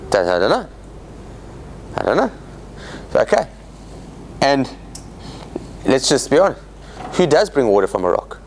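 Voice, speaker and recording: A man's voice: mid-range voice, a little slow, long pauses, slight background noise. A man teaching a Torah study class in an informal lecture, acting out quotes and restarting often. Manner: animated, acts out quotes in dramatic voices, many restarts. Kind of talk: informal Bible study lecture with questions to the audience. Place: meeting room of a church centre.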